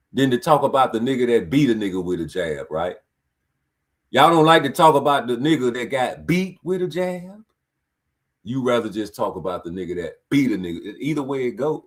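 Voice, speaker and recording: A man giving a casual boxing fight breakdown, talking in blunt, profane street slang and calling out the action on screen. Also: mid-range voice. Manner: animated, talks back at the fighters on screen. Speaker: boxing commentator.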